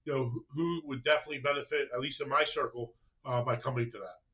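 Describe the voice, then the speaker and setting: A man's voice: mid-range voice, steady tone, fast, bright, forceful tone, lo-fi sound. A man hosting a podcast who asks his guest questions and affirms his answers. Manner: affirming, short interjections. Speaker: podcast host. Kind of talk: casual interview talk.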